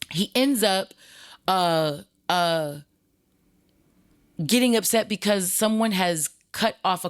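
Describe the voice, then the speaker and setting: Woman host, low voice, blunt and animated, casual storyteller with frequent restarts.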